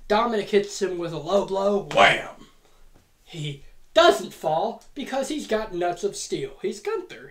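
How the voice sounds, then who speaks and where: A woman hosts a comedic monologue, spinning an imagined wrestling match with profane, rapid-fire glee. Her pitch leaps around constantly as she tells it. The voice sits in a roomy, echoing space. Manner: profane, excitable, rapid-fire comic storytelling. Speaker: host. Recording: roomy echo.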